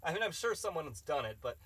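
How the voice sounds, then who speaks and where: A man's voice: on the high side, a bit bright, breathy edge, no room sound. A man hosting a live stream, reading chat questions and rambling through opinionated casual answers.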